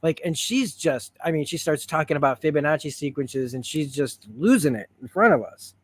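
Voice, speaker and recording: A man reviewing a TV episode in a rambling, excitable way, retelling scenes as he goes. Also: a little high, normal speed, breathy edge. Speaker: show reviewer. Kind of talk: stream-of-consciousness review.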